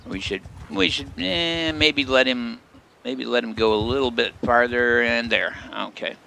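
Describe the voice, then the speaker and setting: A man's voice: medium pitch, fairly even intonation, a little slow, vocal fry, sharp tone, slight background noise. A man streaming a game and giving casual commentary, with rambling, chatty asides.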